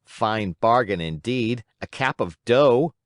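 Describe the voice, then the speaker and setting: A man's voice: mid-range voice, animated, slow, no echo, clean studio sound. A man voicing a sensible little boy who speaks in a matter-of-fact, scornful way.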